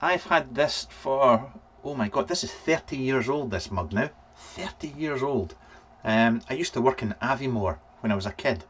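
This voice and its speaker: Here the Scottish live vlog host, a vape reviewer, speaks at a normal pace in a medium-pitched voice that's animated, slightly bright and husky. It's casual stream chatter, running through viewer names punctuated by ums.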